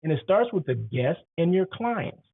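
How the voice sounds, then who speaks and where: A man giving casual advice on running hotels, rambling and asking the listener questions, his throat catching as he clears it now and then. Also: on the high side, very animated, moderate pace. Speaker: hotel industry host. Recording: tinny phone-like audio.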